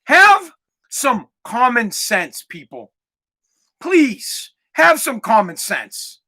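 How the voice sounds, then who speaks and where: A man hosting a podcast, telling a comic story as an animated rant, swearing and acting out other people's voices. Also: sits high, slow. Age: adult parent of a twelve-year-old. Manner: animated, acts out voices, swears, gets loud when ranting. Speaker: podcast host.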